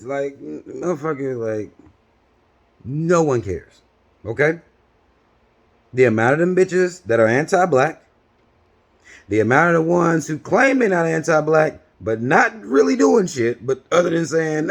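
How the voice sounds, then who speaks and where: A man's voice: a little high, big pitch swings, unhurried. A man in his thirties telling a story as a rambling, profane rant, blunt and full of swearing and restarts. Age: 30s. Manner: heavy swearing. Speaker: vlogger.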